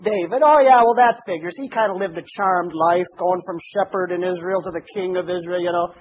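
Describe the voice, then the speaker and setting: A man with a high voice preaches a sermon, reading scripture aloud and surging into shouts on the phrases he wants to land. Between passages he drops into folksy asides and restarts. The recording is a little dull, with a faint hiss behind him. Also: brisk. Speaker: pastor.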